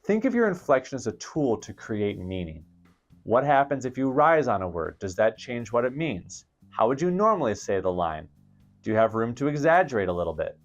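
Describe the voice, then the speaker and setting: A man hosting a theater camp lesson, explaining acting technique in clear, deliberate scripted narration. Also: mid-range voice, sing-song, dull audio, soft background music.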